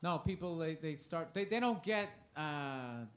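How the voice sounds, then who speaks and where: A man with a slightly high voice talks casually about comedy and touring, in a loose, rambling way. He keeps restarting his sentences and pokes fun at himself. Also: animated, measured pace. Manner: rambling, self-deprecating, trails off and restarts. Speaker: stand-up comedian guest. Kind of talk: casual interview chat. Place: comedy festival interview.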